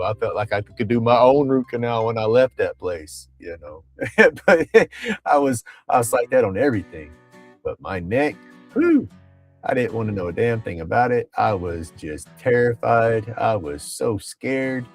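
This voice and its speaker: A man's voice: fairly low pitch, lively intonation, normal speed. A middle-aged man, chatting casually on a livestream, rambling and laughing often. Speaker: livestream host. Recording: faint music behind.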